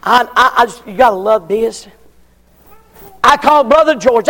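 A preacher with a high, gravelly voice, delivering a folksy, emphatic sermon. He swings between ringing cries and near-whispers. His words trail off into a long reverb in a church. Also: unhurried, a bit bright. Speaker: pastor.

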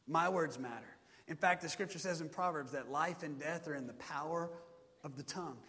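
A man preaching a sermon as a pastor, lively and speaking straight to the congregation, getting them to join in. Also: fairly high pitch, normal speed, in a large hall.

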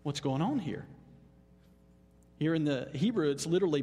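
A man pastor preaching a Sunday sermon in an animated, emphatic way. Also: moderate pace, long pauses, slightly rough. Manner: animated, emphatic, leaps up in pitch on exclamations. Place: church sanctuary. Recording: long hall reverb.

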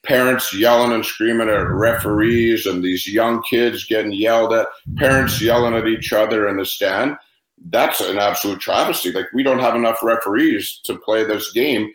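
A man coaching hockey speaks passionately and emphatically in an interview. His voice sits fairly low. The sound carries a noticeable room echo. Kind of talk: casual interview answers.

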